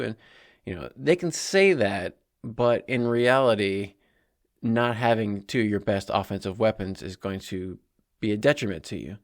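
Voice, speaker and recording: A man hosting a sports podcast, talking through a game in a casual, animated way with asides. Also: lowish voice, moderate pace. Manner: conversational, animated, with asides and small laughs. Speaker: podcast host.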